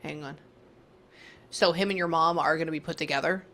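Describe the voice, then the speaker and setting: A woman in the middle of a spirit reading talks her way through it out loud and keeps stopping herself to say hang on. Her voice sits a little low but sounds bright and forward. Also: steady tone, fairly quick. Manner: chatty, thinks aloud, keeps saying "hang on". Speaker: psychic medium. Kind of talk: live reading session.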